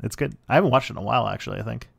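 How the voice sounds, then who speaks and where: A channel host on a casual livestream rambles through commentary on his own old videos, full of fillers and restarts. His voice is lowish and husky with vocal fry, and he talks very fast.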